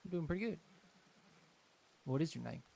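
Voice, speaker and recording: A man's voice: fairly high pitch, animated, moderate pace, vocal fry, warm tone. A man chatting in character in a western roleplay game, easygoing and jokey. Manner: easygoing, jokey, often confused by names. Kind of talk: in-character casual chat.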